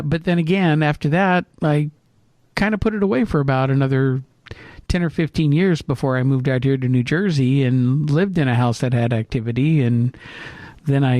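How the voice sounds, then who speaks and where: A middle-aged man telling a story in casual chat, with lively restarts and fillers. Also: a little high, no room sound. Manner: animated anecdote, hesitant fillers. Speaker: co-host.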